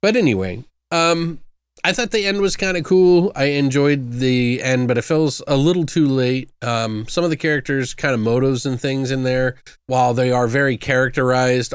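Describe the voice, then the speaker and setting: A man's voice: mid-range voice, clean tone, no room sound, clean studio sound. A young man co-hosting a casual movie review podcast, rambling and loose, swearing freely, with lots of fillers.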